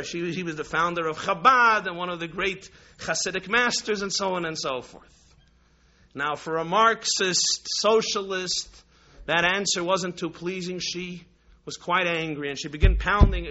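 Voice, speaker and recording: A man from New York, a rabbi, telling a story in a sermon, animated and repetitive with frequent restarts. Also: sits high, moderate pace, highs cut off, a little hiss or hum.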